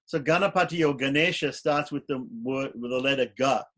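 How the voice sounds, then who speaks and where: A man's voice: medium pitch, brisk, a bit bright. A man teaching a class on ritual and mantras, explaining step by step and chanting short mantras aloud. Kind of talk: online class lecture.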